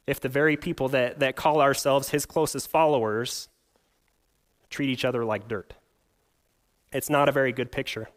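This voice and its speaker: A young man preaching a sermon at a middle pitch. He reads scripture, asks the listeners rhetorical questions, and drifts into a humorous personal anecdote told in an easy storytelling way. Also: fairly even intonation, normal speed, pauses often. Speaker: pastor.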